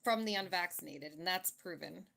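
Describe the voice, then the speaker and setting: Hesitant woman with a low voice. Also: normal speed, vocal fry, a crowd in the background. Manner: hesitant, many ums, even-handed. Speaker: debate participant. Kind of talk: casual debate talk.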